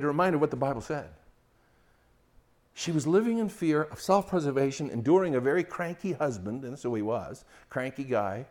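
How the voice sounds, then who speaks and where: An older man preaching a sermon on marriage, swinging from loud mocking quotes to hushed, intimate storytelling. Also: mid-range voice. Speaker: pastor.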